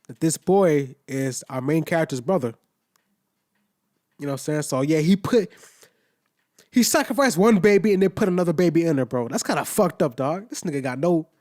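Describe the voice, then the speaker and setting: A man's voice: fairly high pitch, animated, normal speed, pauses often, darkish tone. Slangy young man recapping an anime. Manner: loose and slangy, heavy profanity, frequent "you know what I'm saying" asides. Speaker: anime reviewer. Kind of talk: casual spoken episode recap.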